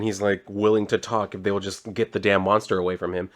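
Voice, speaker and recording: A man's voice: lowish voice, fairly quick. A man casually retelling a comic book, rambling and swearing, with lots of "he's like" and "she's like.". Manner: rambling, profane, chatty retelling with frequent "like". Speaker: comic book video host.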